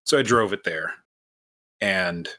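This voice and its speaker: A man's voice: low voice, slow pace, bright, forceful tone. A man from the United States hosting a podcast, telling a long, self-mocking story in a casual way with many restarts. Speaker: podcast host.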